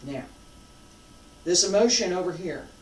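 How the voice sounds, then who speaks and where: Martial arts instructor, slow deliberate delivery, emphatic, echoey room, heard from far off. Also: mid-range voice, expressive. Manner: emphatic and repetitive, swinging between loud and hushed. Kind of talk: teaching a live class. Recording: roomy sound from a distant mic.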